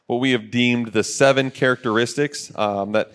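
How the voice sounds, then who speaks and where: A man's voice: medium pitch, fairly even intonation, moderate pace, smooth. A man in his forties co-hosting a podcast from a studio, talking in an earnest, coach-like way with frequent fillers. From Ohio, USA. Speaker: podcast co-host. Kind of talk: casual motivational podcast talk.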